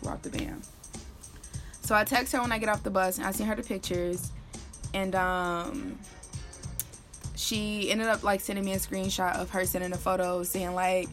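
Young woman storyteller in her twenties, animated and slangy, quick to laugh, mid-pitched voice, faint music behind. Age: 20s. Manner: animated, slangy, laughs and shouts when quoting herself. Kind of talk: casual storytime.

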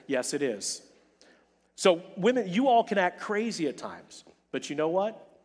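A male pastor preaching a sermon, animated and emphatic, repeating key phrases and playing out quoted dialogue. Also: a little high, normal speed, in a large hall.

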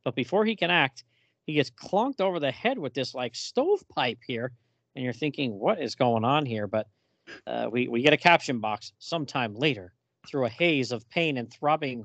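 A man co-hosting a casual podcast, talking through a comic book and reading its dialogue aloud with lively emphasis. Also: medium pitch, dry recording.

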